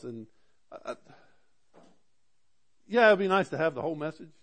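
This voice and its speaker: A man preaching a morning sermon, his voice a touch higher than most men's. He climbs loud and slow through scripture readings, then falls to hushed, chatty asides to the congregation. He repeats words and restarts often as he goes. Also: expressive. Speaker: pastor.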